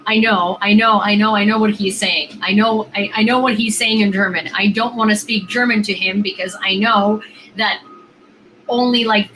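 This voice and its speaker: Bright, chatty young woman vlogger. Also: mid-range voice, a little hiss or hum, poor audio. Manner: chatty, rambling, full of "like" and repeats. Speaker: video chat vlogger. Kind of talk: casual vlog chat.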